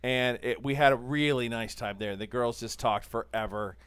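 A man's voice: medium pitch, normal speed, a bit bright, clean tone, no room sound. A middle-aged man hosting casual sports talk, rambling through stories and arguing his points with rising energy. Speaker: sports talk show host. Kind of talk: casual sports radio banter.

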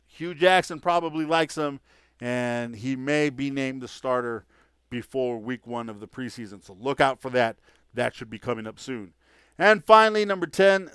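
A man's voice: medium pitch, a bit bright, clean tone, dry recording, clean studio sound. A man hosting a sports podcast, talking casually and full of opinions, with frequent "uh" fillers. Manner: chatty, opinionated, with many fillers. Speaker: podcast host.

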